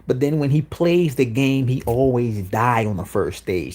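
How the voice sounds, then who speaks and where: A man's voice: mid-range voice, animated, unhurried, few pauses, warm tone, slightly rough. A man hosting a livestream, delivering an insistent, repetitive monologue with frequent "you know what I'm saying.". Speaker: livestream host.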